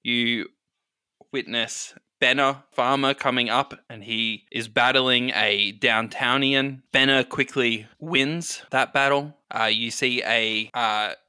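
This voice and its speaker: Bright-voiced man narrating as game master. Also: mid-range voice, steady tone, clean tone, no echo. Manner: measured narration with fillers.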